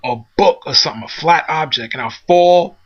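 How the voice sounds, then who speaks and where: A man's voice: on the high side, brisk. A man casually telling a personal story, rambling with many fillers and restarts. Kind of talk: casual spoken anecdote. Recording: dull lo-fi recording.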